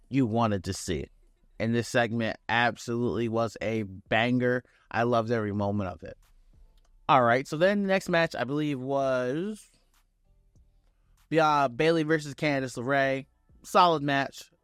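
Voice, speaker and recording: A young man giving a casual, excited wrestling show recap, acting out quotes with loose swearing. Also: medium pitch, dry recording, clean studio sound.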